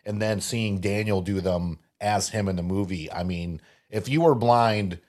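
Deep-voiced man chatting casually. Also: unhurried, a little mellow. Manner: laid-back, rambling, laughs often. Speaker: podcast co-host. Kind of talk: casual movie chat with read ad spot.

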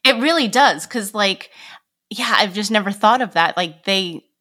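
A woman's voice: medium pitch, measured pace, no echo, studio quality. A woman in her thirties hosting a podcast, affirming her guest and sharing parenting stories. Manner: warm-hearted, affirming, anecdotal. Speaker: podcast host. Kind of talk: conversational podcast interview.

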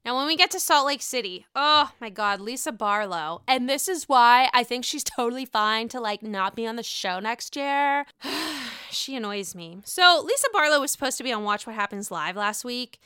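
A young adult woman hosting a casual podcast recap, profane, sarcastic and animated. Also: on the high side, moderate pace, hardly any pauses, clear, resonant tone, no echo, studio quality. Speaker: podcast host.

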